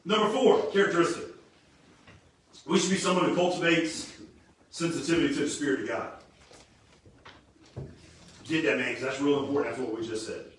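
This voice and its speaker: A man preaching a casual, energetic sermon, slangy and animated, often repeating words as he restarts. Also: on the high side, brisk, long pauses, slight background noise. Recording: very echoey room, distant mic.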